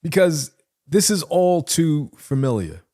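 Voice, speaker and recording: Brief: man, reaction-video host, slow and deliberate, lively sing-song pitch, lectures with emphasis. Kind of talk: reaction commentary.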